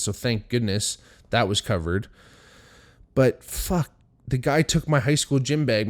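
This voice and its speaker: A young man hosting a podcast, telling a story in a rambling, profane, worked-up way. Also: medium pitch. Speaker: podcast host. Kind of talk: casual storytelling monologue.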